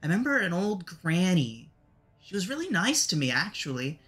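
A friendly young woman, played by a man in a tabletop game, recalling things in a halting, rambling way. Her voice sits noticeably higher than his usual speech and stays bright. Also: sing-song. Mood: wistful. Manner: hesitant, rambling recollection. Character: young female companion, friendly and wistful.

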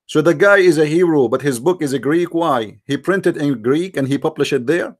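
A man's voice: a little high, moderate pace. A man hosting a live-streamed religious debate, speaking with a mocking, argumentative tone, firing rhetorical questions at his viewers in non-native English grammar.

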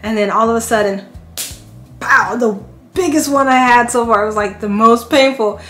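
A woman in her thirties, a family vlogger, telling a personal story casually to camera and acting out what people said. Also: a little fast. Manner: animated, acts out quotes with big pitch jumps. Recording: echoey room with faint music.

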